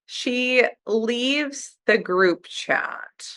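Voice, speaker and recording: A woman's voice: on the high side, very slow, a bit bright. A woman co-hosting a casual podcast chat, wry and dryly amused. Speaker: podcast co-host.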